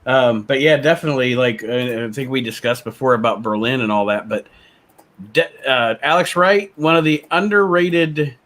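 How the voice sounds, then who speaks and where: A man's voice: medium pitch, steady tone, moderate pace, a bit bright. A man co-hosting a podcast, talking casually with many restarts and fillers. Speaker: podcast co-host. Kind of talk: casual chat recapping wrestling.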